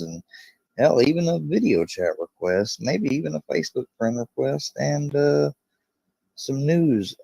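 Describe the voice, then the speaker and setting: A man's voice: lowish voice, vocal fry, a little mellow, no room sound, low-quality recording. A man casually chatting on a live stream in a rambling way. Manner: rambling, talks to his dog mid-stream.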